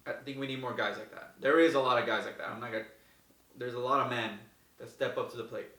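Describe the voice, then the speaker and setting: Energetic man in an echoey room. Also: medium pitch, fast. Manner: energetic, repeats himself, acts out quotes. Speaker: host answering viewer questions. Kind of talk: casual advice talk. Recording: echoey room, mic far off.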